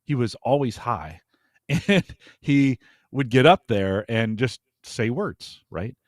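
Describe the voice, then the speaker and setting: A man's voice: medium pitch, animated, slow, no echo, clean studio sound. A man co-hosting a podcast, thinking aloud in a casual discussion. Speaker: podcast co-host.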